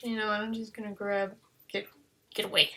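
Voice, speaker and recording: A woman's voice: medium pitch, flat delivery, normal speed, fairly bright tone. A woman chatting casually while she draws, rambling playfully and talking to her dog between comments. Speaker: digital artist. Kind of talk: casual chat while drawing.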